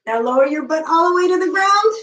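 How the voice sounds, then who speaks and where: A woman's voice: extremely high pitch, lively intonation, fast talker, fairly bright tone, roomy sound, distant mic, low-quality recording. A woman teaching a children's bedtime yoga class, patient and encouraging, counting out the poses.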